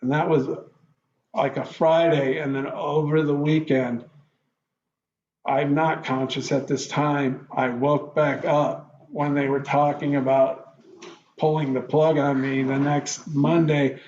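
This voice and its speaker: Man telling a halting personal story. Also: a little high, level tone, darkish tone, echoey room, muffled recording, a little hiss or hum. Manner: halting, with many fillers and restarts, acts out his own past reactions. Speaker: guest telling his life story.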